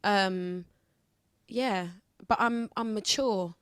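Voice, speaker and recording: A young woman in her twenties, a singer chatting candidly as a guest in a radio interview, lively and acting out other people's lines. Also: mid-range voice, very slow, clean tone, dry recording, studio quality. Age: 20s. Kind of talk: casual radio interview chat.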